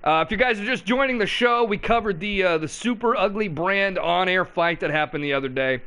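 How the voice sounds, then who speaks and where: A man's voice: sits high, fairly quick, bright, forceful tone. A man hosting a live call-in show, talking in a brash, profane and rambling way.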